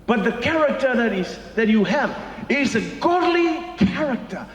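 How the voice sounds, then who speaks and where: A man with a Samoan accent preaching a sermon, switching between Samoan and English and stressing each phrase slowly. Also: extremely high pitch, big pitch swings, a little hiss or hum. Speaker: pastor. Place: large church hall. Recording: echoey hall with long reverb.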